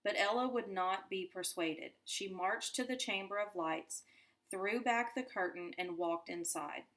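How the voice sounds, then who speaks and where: A woman teacher reading a children's novel aloud to her class in a deliberate storytelling manner. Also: medium pitch, a bit bright. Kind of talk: children's book read-aloud.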